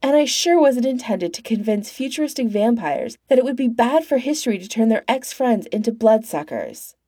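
A woman's voice: a little high, animated, warm tone, husky, no room sound, clean studio sound, pitched above the performer's own voice. A woman voicing a brash, sarcastic young woman who jumps through time. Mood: exasperated. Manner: sarcastic and quick-tempered.

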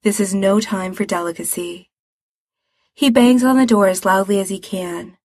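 A woman reading a story aloud as narrator, in an even, measured manner. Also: mid-range voice, no echo. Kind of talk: reading fan fiction aloud.

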